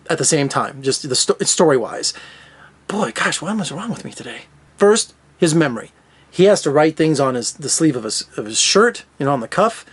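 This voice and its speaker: Guy reviewing a movie, chatty and scattered, trips over his words, kinda higher voice. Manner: rambling, self-correcting, chatty. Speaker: film critic. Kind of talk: casual video film review. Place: Las Vegas.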